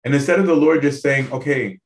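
A man leads a relaxed Bible study in an easygoing, conversational way. He keeps turning to his listeners to check they're following, and he often restarts and repeats words mid-sentence. His voice sits at an ordinary middle pitch and rings in an echoey room. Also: normal speed. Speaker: Bible teacher. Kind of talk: casual Bible study teaching.

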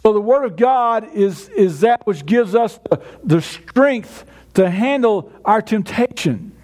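A man's voice: high-pitched, animated, slow, a little mellow. A man preaching a sermon in a conversational way, often restarting his words. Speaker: pastor.

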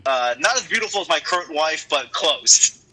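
A man's voice: fairly high pitch, animated, moderate pace, sharp tone, slightly rough, poor audio. A man from Boston, a comedian, telling a story in a casual, laid-back, self-deprecating way. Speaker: guest comedian.

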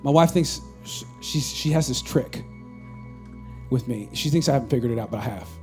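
A man preaching a sermon to his congregation, dropping to near-whispers and then rising to shouts, with call-and-response asides. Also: medium pitch, moderate pace, faint music behind. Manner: swings between hushed near-whispers and loud shouts. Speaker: pastor. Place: church stage with a live congregation.

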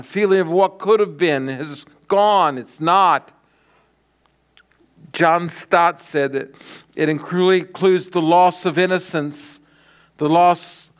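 A middle-aged man preaching a sermon as pastor, telling stories dramatically and swinging from loud declarations to hushed lines. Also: on the high side.

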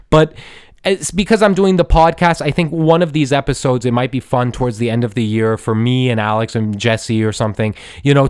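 A man's voice: medium pitch, dry recording, clean studio sound. A man in his thirties hosting a podcast, gushing about a film in a profane, stammering rush full of "dude" and restarts. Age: 30s. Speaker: podcast host. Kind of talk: excited film review monologue.

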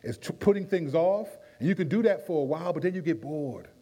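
Pastor, male, animated, talks in bursts, restarts often, voice a bit on the high side. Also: fairly quick. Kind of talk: conversational Bible teaching in a Q&A.

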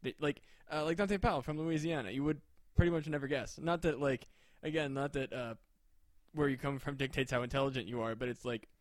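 A man's voice: medium pitch, fairly quick, no room sound. Rambling, hesitant podcast man. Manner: rambling, hesitant, lots of fillers and swearing. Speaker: podcast co-host. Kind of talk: casual comedy chat.

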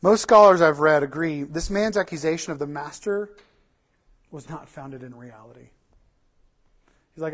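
A man preaches a sermon with a fairly high voice. He drives his points home through repeated lists and rhetorical questions. His delivery is animated and conversational. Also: measured pace, pauses often. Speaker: pastor.

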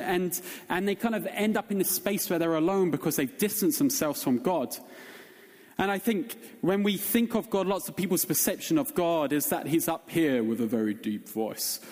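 Earnest preacher in echoing hall. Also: male voice, high voice, moderate pace, darkish tone. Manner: earnest, repetitive, emphatic preaching. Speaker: pastor. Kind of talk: sermon. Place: church hall. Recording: reverberant church hall.

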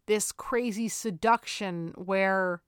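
A woman's voice: medium pitch, slow pace, smooth, no room sound, studio quality. A woman co-hosting a podcast, chatting casually about a movie and agreeing often. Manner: agreeable, many short backchannels. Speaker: podcast co-host. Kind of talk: casual film discussion.

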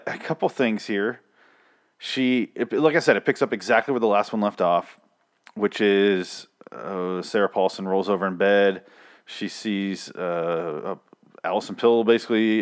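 A man's voice: fairly low pitch, measured pace. Rambling, profane man reviewing TV. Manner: rambling, profane, self-correcting. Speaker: host of a TV review show. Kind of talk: casual review commentary.

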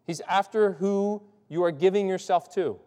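A man's voice: high-pitched, moderate pace, darkish tone. Man preaching in a reverberant hall. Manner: loose, restarts often, asks "right?". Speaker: pastor. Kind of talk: conversational sermon.

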